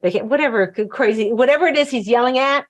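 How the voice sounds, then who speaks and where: A woman's voice: sits high, quick pace. A woman hosting a talk show, coaching in a casual chatty way, often acting out what wives and husbands might say. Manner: chatty, acts out quoted voices, frequent fillers and restarts.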